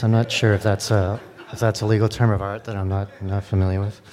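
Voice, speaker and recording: A man's voice: lowish voice, level tone, fast, a little mellow. A man, a lawyer, giving a conference talk in a dry, sardonic way with many fillers and restarts. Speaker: lawyer at a digital rights group.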